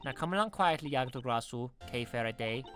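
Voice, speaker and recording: A man's voice: medium pitch, animated, brisk, fairly bright tone, soft background music, natural voice. A man voicing a haughty, cruel young woman prosecutor who speaks imperiously. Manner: imperious, sadistic.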